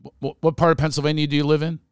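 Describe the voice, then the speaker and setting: A man's voice: on the high side, flat delivery, very fast, clean tone, dry recording, studio quality. A middle-aged man from Philadelphia with a Philadelphia accent, hosting a podcast in a jokey, playful way and slipping into comic voices. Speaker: podcast host. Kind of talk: casual interview chat.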